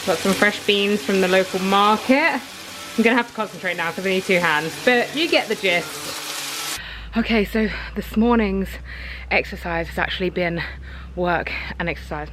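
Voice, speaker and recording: A woman's voice: on the low side, moderate pace, fairly bright tone, slight background noise, rough recording. Chatty young woman vlogging casually. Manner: chatty, rambling, upbeat. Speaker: lifestyle vlogger. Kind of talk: casual vlog chat to camera.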